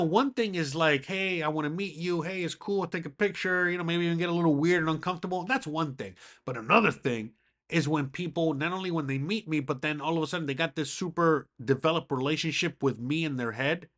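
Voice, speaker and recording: A man's voice: a little high, a little fast, a bit bright. A man hosting a podcast in a casual monologue, rambling and swearing, with lots of fillers. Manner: rambling, profane, heavy on fillers. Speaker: podcast host.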